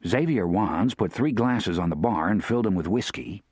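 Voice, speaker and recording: A man reading a western audiobook, with a lively, expressive rise and fall in his voice. The sound is close and dry, with no room echo. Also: on the low side, normal speed, slightly rough. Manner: steady, expressive storytelling. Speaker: narrator. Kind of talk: audiobook narration.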